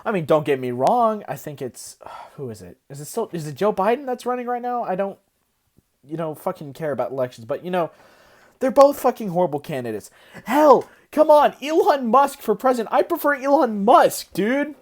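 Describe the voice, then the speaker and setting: A woman's voice: medium pitch, sing-song, normal speed. A young woman in a profane, agitated casual rant, worked up and hysterical, recorded on a phone. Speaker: vlogger.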